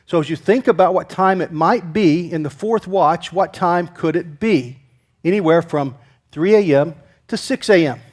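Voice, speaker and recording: Male pastor, high voice, conversational sermon, loud emphasis then quiet asides. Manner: conversational preaching, asks the congregation questions; swings between loud emphatic lines and quiet near-whispers.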